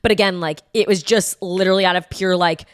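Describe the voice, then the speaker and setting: A woman's voice: on the low side, fairly even intonation, fast talker, clear, resonant tone, no echo. A young woman co-hosting a podcast in casual chat, saying "like" constantly and swearing offhandedly. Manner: chatty, heavy use of "like", swears casually. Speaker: podcast co-host.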